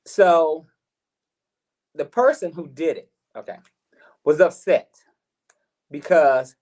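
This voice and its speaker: A middle-aged man hosting a live talk show, telling a personal story in an animated way, repeating words and acting out what others said. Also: on the high side, slow pace, long pauses. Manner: animated, repeats words, acts out quoted voices. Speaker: host.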